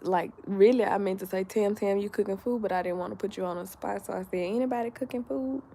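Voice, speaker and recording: A sleepy woman hosting a casual live chat, talking slowly and straight to her viewers as she reads their comments. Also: medium pitch, dark tone, breathy edge. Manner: slow and drowsy, talks straight to viewers. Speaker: livestream host reading viewer comments.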